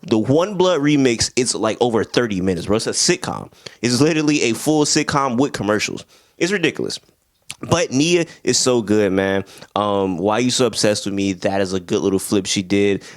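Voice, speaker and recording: A young man talks through his favorite records with loose, slangy excitement, laughing and singing snippets as he goes. His voice sits a little low, and the recording is dry and close. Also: normal speed, no room sound. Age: young adult. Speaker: music reviewer, channel host. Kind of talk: casual album review.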